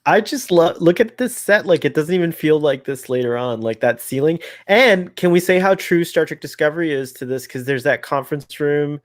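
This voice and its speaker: A man's voice: a little high, expressive, moderate pace, hardly any pauses, no echo, studio quality. Chatty man laughing through fan commentary. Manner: chatty, laughs often, rambling asides. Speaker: podcast co-host.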